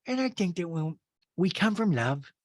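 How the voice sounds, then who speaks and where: A preachy, self-righteous woman, as a man puts her on, with a soft, sanctimonious lilt pitched a little above his own voice. It is close-miked and dry. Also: sing-song, normal speed, dry recording.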